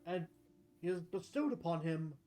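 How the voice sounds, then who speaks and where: A man's voice: a little high, expressive, normal speed, mellow, faint music behind. A man narrating a tabletop game as game master, casual with frequent fillers.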